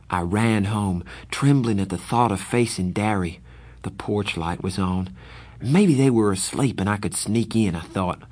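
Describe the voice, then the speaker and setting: A man with a lowish voice narrates an audiobook in the first person. His delivery is steady and reflective, and the recording is dry and close, with no room sound. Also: no echo.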